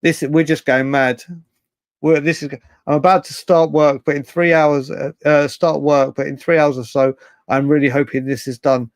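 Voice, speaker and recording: A man hosting a late-night live fan stream, rambling and excitable, thanking chat viewers by name. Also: on the high side, moderate pace, no room sound. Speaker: fan channel host.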